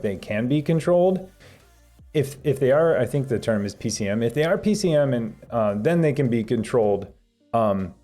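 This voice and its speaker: A man's voice: mid-range voice, dark tone. A young adult man hosting a live stream, reading chat questions aloud and rambling through answers with lots of fillers and restarts. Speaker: livestream host reading chat.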